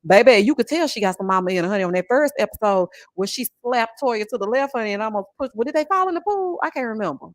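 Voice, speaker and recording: A woman, chatting on a livestream about reality TV and reading viewer messages in a sassy, animated way. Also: fairly high pitch, quick pace, hardly any pauses, no room sound, clean studio sound. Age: 40s. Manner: sassy, animated, calls viewers honey and child. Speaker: YouTube reality-TV reviewer. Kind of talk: casual livestream chat reading super chats.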